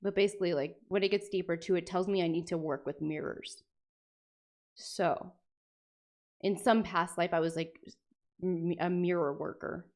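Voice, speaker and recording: A young woman chats on her livestream, reading passages aloud and breaking off with animated, sweary jokes. Her talk is loose and casual, with quick reactions to the text. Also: fairly low pitch. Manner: animated, swearing, jokey asides. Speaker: streamer.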